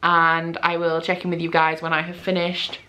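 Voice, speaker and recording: A woman book vlogger chatting casually into her microphone, gushing and excitable, swearing freely. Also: fairly low pitch, moderate pace, music in the background. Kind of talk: casual vlog chat. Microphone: own microphone.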